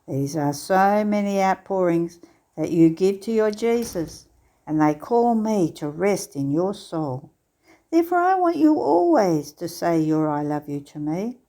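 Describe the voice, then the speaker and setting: A woman reading a devotional text aloud in a slow, measured, tender recitation. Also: fairly low pitch, dark tone. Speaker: devotional reader. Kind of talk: scripture-style devotional reading.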